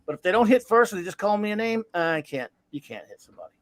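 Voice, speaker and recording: A man's voice: high-pitched, very animated, fast talker, no room sound, poor audio. A man in his fifties hosting a casual podcast chat, telling rambling anecdotes in a blunt, crude, joking way. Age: 50s. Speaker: podcast host.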